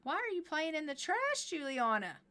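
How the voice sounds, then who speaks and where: Brief: a sassy, proud game wife, put on by a woman streamer, bright and a touch high. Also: sing-song, moderate pace, exaggerated voice. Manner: sassy, scolding. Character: proud, exasperated wife and expert cook in a life-sim game.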